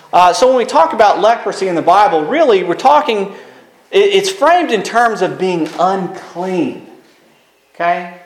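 Male pastor, sermon delivery, high and very lively voice, echoey room. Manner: animated preaching, reading scripture aloud with emphatic rises.

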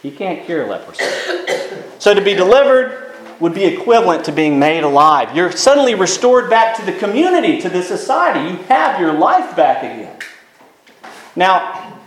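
Male pastor, sermon delivery, high and very lively voice, echoey room. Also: moderate pace, slight background noise. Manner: animated preaching, reading scripture aloud with emphatic rises.

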